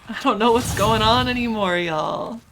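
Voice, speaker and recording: A woman streaming a game, chatting casually on her microphone, halting and flustered, restarting often and laughing through it, emotionally overwhelmed. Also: on the high side, gravelly, noisy background. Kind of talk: casual live-stream chat.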